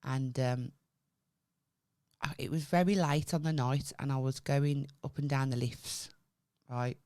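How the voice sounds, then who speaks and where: A woman's voice: rumbling low, fairly even intonation, a little slow, warm tone, no room sound, studio quality. A woman co-hosting a casual comedy podcast, swearing and laughing as she tells stories. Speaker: podcast co-host. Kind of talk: casual chat.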